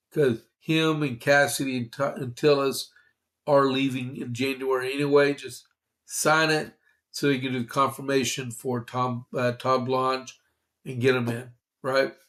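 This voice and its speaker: A male podcast host riffs through the day's political news in a loose, rambling way, stopping often for fillers. His voice sits at an ordinary middle pitch, and he drops in dry, sarcastic asides as he goes. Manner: rambling, conversational, many fillers. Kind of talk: casual political commentary livestream.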